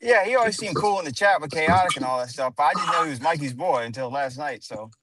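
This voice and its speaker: A man's voice: on the high side, lively intonation, fast, a loud crowd. A man chatting casually on a call-in panel, curious and asking lots of questions. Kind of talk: casual chat.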